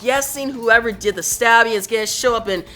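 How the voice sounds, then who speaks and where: A woman's voice: a little high, a little fast, sharp tone, soft background music, pitched above the performer's own voice. A woman reading as a chipper, mocking antiheroine. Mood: teasing. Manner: playful, mocking, breezy. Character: chipper unhinged female antihero, teasing and glib.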